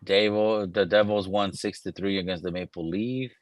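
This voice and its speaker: A man's voice: sits low, steady tone, moderate pace. A man hosting a casual livestream chat, swearing freely and laughing often. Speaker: livestream host. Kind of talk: casual chat over drinks.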